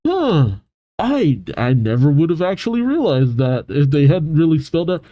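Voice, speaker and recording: A man's voice: a little high, big pitch swings, moderate pace, dry recording, lo-fi sound. A man thinking aloud in casual reaction commentary, musing and restarting often. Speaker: reaction channel host.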